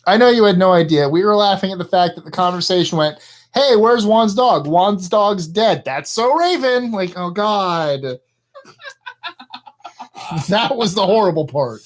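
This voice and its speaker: A man's voice: high voice, expressive, normal speed. A man co-hosting a casual live stream, joking and teasing his partner in loose banter. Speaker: co-host.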